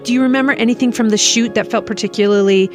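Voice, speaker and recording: A woman's voice: fairly high pitch, fairly even intonation, fast talker, a little mellow, soft background music. A woman hosting a podcast interview, speaking effusively and laughing often. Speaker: podcast host. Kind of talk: casual interview chat.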